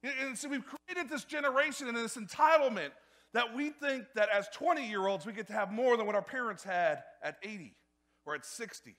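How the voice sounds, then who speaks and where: A male pastor preaching a sermon in a church, energetic and repetitive, often building to loud emphasis. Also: very high-pitched, moderate pace.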